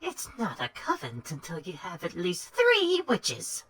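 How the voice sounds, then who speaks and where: A creaky-hearted old witch grandmother speaks in a raised, sing-song voice, put on by a man reading game dialogue. Her pitch leaps wildly up and down as she chatters along. It reads as a playful granny voice in a spooky family game. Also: wildly swooping pitch, unhurried, sharp tone, heavily acted. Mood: cheery.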